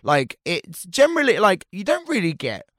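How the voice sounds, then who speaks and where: A man who performs cabaret and drag, talking in a casual podcast chat, animated and full of quoted voices. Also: high-pitched, moderate pace, dry recording, clean studio sound.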